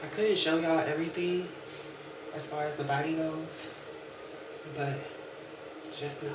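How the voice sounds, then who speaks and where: A woman's voice: low voice, steady tone, measured pace, long pauses. A young woman vlogging casually, candid and blunt, swearing freely as she talks to her viewers. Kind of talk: casual vlog diary. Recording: background noise.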